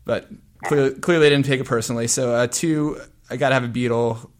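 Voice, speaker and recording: A man's voice: mid-range voice, fairly even intonation, quick pace. A man hosting a podcast, chatting casually about music in long, meandering sentences. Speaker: podcast host.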